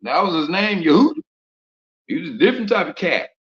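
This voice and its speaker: Very animated and fairly quick, a high-sitting male voice delivers an informal religious talk in streetwise slang, rattling off rhetorical questions. It's a muffled, lo-fi recording with a roomy echo.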